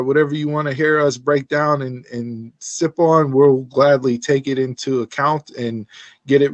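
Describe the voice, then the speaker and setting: Male podcast host, slightly higher voice, dry close sound, animated storyteller. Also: no echo. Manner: animated storyteller, acts out quotes. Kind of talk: casual podcast chat.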